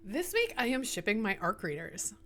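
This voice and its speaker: A woman's voice: mid-range voice, very animated, normal speed, sharp tone. Woman guest author, chatty and emotional, casual podcast talk.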